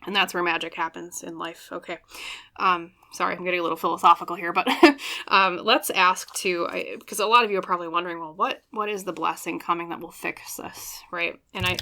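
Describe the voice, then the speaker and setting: A woman's voice: fairly low pitch, flat delivery, a little fast, pushed and bright. A woman giving a pick-a-card tarot reading, chatty and earnest, often checking in with "okay?" and apologizing as she goes. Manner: earnest and apologetic, openly emotional. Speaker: tarot reader.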